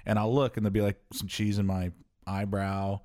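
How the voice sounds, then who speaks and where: Man, forties, casual podcast chat, lively storyteller, jumps way up when quoting people. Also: a little fast. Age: 40s. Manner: animated storyteller, acts out quotes with big pitch jumps. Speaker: podcast co-host.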